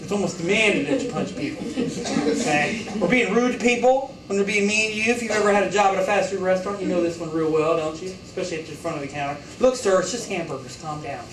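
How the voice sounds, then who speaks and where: A man with a high-pitched voice lectures a college class, joking and firing rhetorical questions at his students. He is recorded from across an echoey classroom. A faint hiss sits under his voice. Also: quick pace, recorded from a distance. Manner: joking, rhetorical, acts out quotes. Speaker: college instructor.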